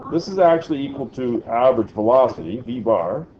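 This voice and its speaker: A man's voice: mid-range voice, lively intonation, brisk, muffled recording, slight background noise. A man teaching a physics lesson in a classroom, quizzing the class as he goes. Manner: chatty, asks the class questions. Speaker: science teacher.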